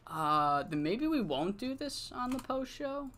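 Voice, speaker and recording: A woman streaming a wrestling management game, swearing freely and swinging between quiet muttering and frustrated outbursts. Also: fairly high pitch, very animated, measured pace, hardly any pauses, soft background music. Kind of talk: live-streamed gameplay commentary.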